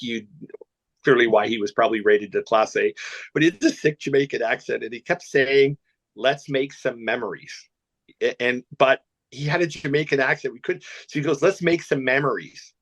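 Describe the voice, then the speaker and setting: A Canadian man telling rambling anecdotes on a podcast, with many restarts and laughs. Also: medium pitch. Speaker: podcast guest. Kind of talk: casual storytelling chat.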